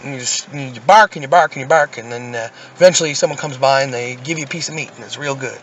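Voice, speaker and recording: A man's voice: mid-range voice, fast talker, a bit bright, slight background noise. A man co-hosting a podcast, telling jokes in a loose, profane, rambling way. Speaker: podcast co-host. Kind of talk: casual chat, telling jokes.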